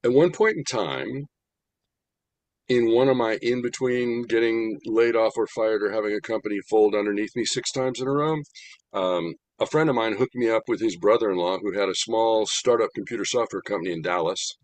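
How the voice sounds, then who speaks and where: An older American man giving an animated, humorous talk about his spiritual path, slowing down to stress points. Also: on the low side, no room sound. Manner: animated, humorous, slows down for emphasis. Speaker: spiritual speaker. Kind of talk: storytelling talk.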